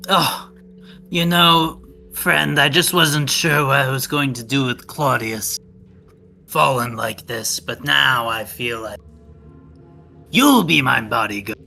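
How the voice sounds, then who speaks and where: A man's voice: medium pitch, slow, gravelly, long pauses, pushed and bright, a little hiss or hum, heavily acted. A man playing an impatient adventurer who pushes the party to keep moving. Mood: pushy. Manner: urgent, pushy. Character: impatient male adventurer, eager to get moving.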